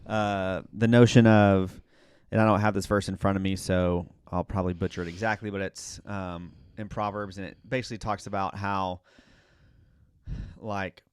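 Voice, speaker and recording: A man co-hosting a faith podcast, talking reflectively and haltingly with many fillers and self-corrections. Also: deep voice, level tone, smooth. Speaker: podcast co-host. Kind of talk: casual faith discussion.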